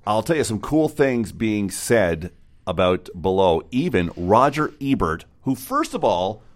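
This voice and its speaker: Deep-voiced jokey morning radio man. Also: big pitch swings. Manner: jokey, then brisk reading of the traffic. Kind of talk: morning radio chat and traffic report. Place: radio studio.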